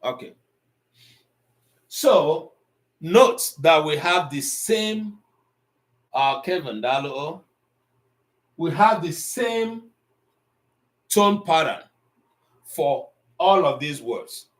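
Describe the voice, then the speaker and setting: A man teaching an online language class, pausing often with ums as he explains tone. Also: on the high side, animated. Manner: slow, deliberate, with frequent ums and pauses.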